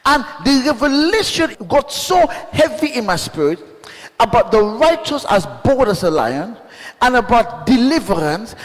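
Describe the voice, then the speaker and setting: A man preaching a fiery sermon as a bishop, calling out questions to the congregation and bursting into shouts. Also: high voice. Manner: call-and-response, shouting bursts, rhetorical questions. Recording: long hall reverb.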